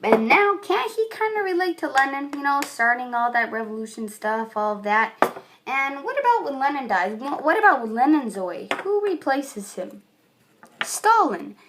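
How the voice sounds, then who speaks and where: A woman's voice: high-pitched, very animated, moderate pace, noisy background. A woman giving a casual, rambling video book review, chatty and full of fillers.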